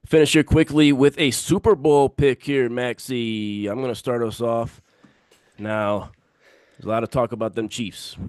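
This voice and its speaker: A man's voice: medium pitch, steady tone, a little slow, a little mellow, clear, resonant tone, no echo, clean studio sound. A man co-hosting a sports podcast in casual banter, emphatic and repeating his picks for effect.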